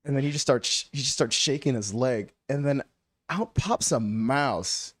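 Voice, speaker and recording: A man's voice: medium pitch, a little slow, breathy edge, dry recording. A man co-hosting a casual podcast, telling a story among friends, acting out what people said and often breaking into laughter. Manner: animated, acts out quotes, laughs often. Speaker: podcast co-host.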